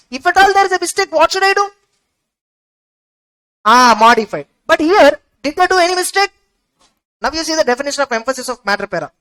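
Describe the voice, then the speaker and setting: Woman with teaching an exam revision class, fairly high voice, keeps asking yes or no and repeating key words. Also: a bit bright, low-quality recording. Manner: rhetorical questions answered herself, emphatic repetition. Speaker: accounting exam tutor. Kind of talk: recorded revision lecture.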